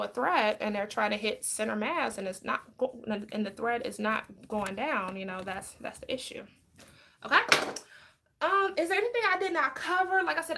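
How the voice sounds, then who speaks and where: A woman, a former police officer, talking casually to camera in an animated, frank and outspoken way. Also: fairly high pitch. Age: adult with a child.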